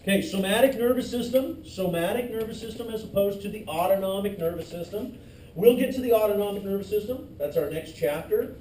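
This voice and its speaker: Male instructor, higher pitch, mellow tone, joking lecture style, echoey room, distant mic. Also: expressive, fairly quick. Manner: loose, joking asides to students. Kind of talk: classroom lecture. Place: classroom. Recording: echoey classroom from far off, faint noise.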